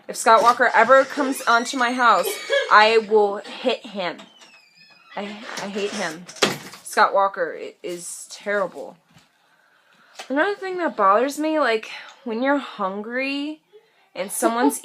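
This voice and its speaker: A woman's voice: fairly high pitch, bright, forceful tone, a little hiss or hum. A teenage woman ranting in a casual vlog, chatty and sassy, full of "like" and playful mocking voices. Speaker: vlogger.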